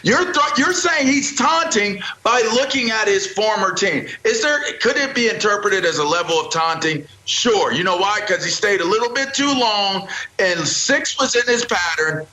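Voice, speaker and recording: Brief: male sports debater, bright and tense, swooping lively pitch, echoey room. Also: moderate pace. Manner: emphatic, repetitive, preacher-like build-ups.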